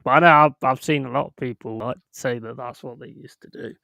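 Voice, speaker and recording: A man's voice: medium pitch, fairly even intonation, brisk, creaky, pushed and bright, dry recording, clean studio sound. A young man hosting a stream, swearing freely and laughing as he tells rambling stories. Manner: swears heavily, laughs through rambling anecdotes. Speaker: streamer hosting a football watchalong. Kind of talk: casual chat.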